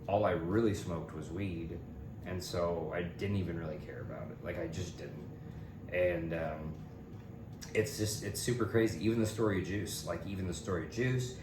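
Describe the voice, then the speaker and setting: A young man from Kentucky telling stories on a podcast in a casual, animated way, jumping into high voices to quote people. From Louisville, Kentucky. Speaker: podcast co-host. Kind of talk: casual storytelling chat. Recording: echoey room with background noise.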